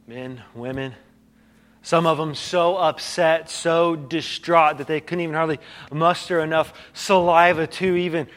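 A man preaching a sermon as a pastor, telling a story with dramatic quiet drops and rising questions, often repeating and restarting phrases. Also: medium pitch.

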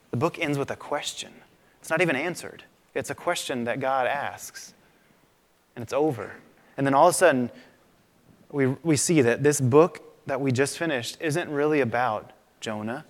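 Preaching man in a reverberant hall. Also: mid-range voice. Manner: conversational, animated storytelling preaching. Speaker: pastor. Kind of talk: sermon. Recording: long reverb of a large hall.

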